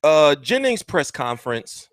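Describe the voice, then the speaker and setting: A man's voice: a little high, big pitch swings, a little slow, no room sound. A man hosting a casual boxing livestream, rambling and joking crudely as he chats. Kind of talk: casual live-stream chat.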